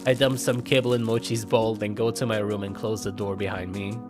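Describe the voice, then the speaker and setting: A man streaming himself reading a visual novel aloud, expressive, with sudden yelps and laughs. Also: fairly low pitch, fairly quick. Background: game music.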